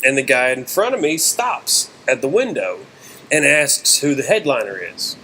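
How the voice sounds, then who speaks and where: A man casually telling a comedy story on a podcast, animated, with his voice jumping up whenever he acts out his own excited shouting. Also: medium pitch, moderate pace, slight background noise.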